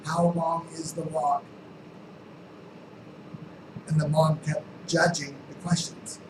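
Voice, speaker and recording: A man with a somewhat high voice leads a training session, telling stories and acting out the characters with emphatic, sometimes shouted lines. The mic sits well back from him, so the room echoes around his words. A steady air conditioning hum runs underneath. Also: measured pace, far from the mic. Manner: storytelling, acts out quotes with shifting voices; emphatic, rising to near-shouts. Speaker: real estate sales trainer. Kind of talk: live training talk.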